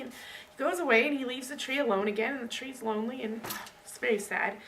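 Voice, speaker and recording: Chatty woman giving a bright book talk. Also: fairly high pitch, far from the mic, a little hiss or hum. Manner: chatty, animated, addresses listeners directly. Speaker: student presenter. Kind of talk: casual book talk presentation.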